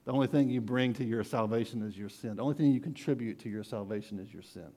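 A man's voice: mid-range voice, fast, dark tone. A man preaching a sermon, earnest and emphatic, repeating his key phrases for weight.

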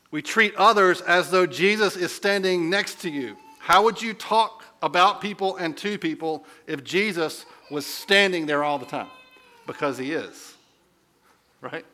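A man's voice: high-pitched, measured pace, pushed and bright. A man preaching a sermon as a pastor, telling stories in a conversational way and asking the listeners questions.

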